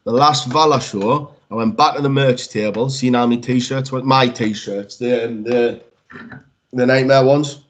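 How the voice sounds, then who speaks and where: A man, a wrestler, chatting casually as a podcast guest, telling lively stories that he acts out and peppering them with swearing. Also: medium pitch, a little slow. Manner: lively storyteller, swears freely, acts out quotes.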